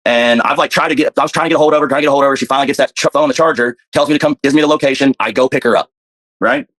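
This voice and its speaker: A man's voice: medium pitch, very fast, a bit bright. A man telling his story in casual, rambling talk, profane and full of fillers.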